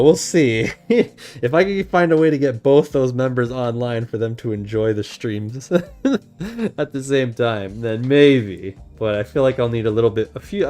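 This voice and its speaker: A young man chatting casually on a livestream, animated and laughing often. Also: mid-range voice. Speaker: animator streamer.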